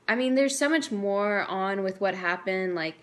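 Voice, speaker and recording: A woman's voice: medium pitch, normal speed. Earnest young woman sharing a testimony. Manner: earnest and emotional, chatty with frequent "like". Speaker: vlogger. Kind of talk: personal faith testimony to camera.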